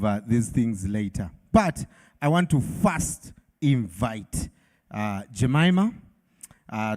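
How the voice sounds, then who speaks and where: A man's voice: medium pitch, darkish tone. A man with a Ugandan accent moderating a live product launch in an event hall, hyping the crowd with call-and-response.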